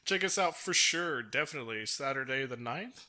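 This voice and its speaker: A man's voice: mid-range voice, lively intonation, moderate pace, crowd noise. A young man co-hosting a casual podcast, joking loosely and laughing often. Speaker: podcast co-host. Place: hot small room.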